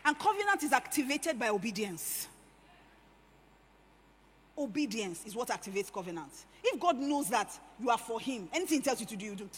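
High-voiced woman preaching in an echoey hall. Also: fairly quick, husky. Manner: animated, swings between hushed and loud emphatic. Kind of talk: sermon. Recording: echoey hall with faint ambience.

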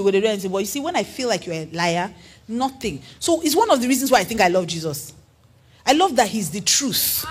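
A woman preaching with earnest conviction and frequent questions to her listeners. Her voice is husky and sits a little high. It swings widely up and down as she presses her points. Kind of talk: sermon.

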